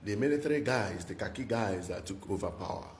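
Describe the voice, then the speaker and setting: A man's voice: fairly low pitch, lively intonation, fairly quick. A man, hosting political commentary in an emphatic, preaching manner, repeating his rhetorical questions. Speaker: commentary channel host. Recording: echoey room with faint noise.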